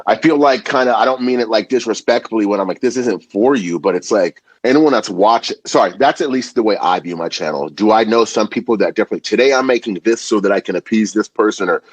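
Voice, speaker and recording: A young adult man, a food content creator guesting on a podcast, talking in an animated, slangy way with casual swearing. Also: on the low side, fast talker, hardly any pauses, breathy edge, no room sound. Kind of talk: casual chat.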